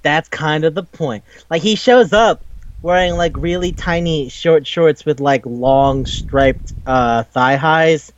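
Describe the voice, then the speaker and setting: A young man co-hosting a casual anime review chat, animated and profane, often acting out characters' lines. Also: a little high, takes it slowly, slight background noise. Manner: animated, swears a lot, acts out quoted lines. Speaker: podcast co-host. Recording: dull lo-fi, dry close mic.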